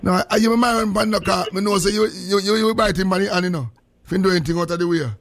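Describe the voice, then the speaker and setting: A man's voice: sits high, quick pace, a bit bright, dry recording. A man with a Jamaican accent hosting a casual morning radio show, joking in heavy patois and greeting listeners. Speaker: radio host.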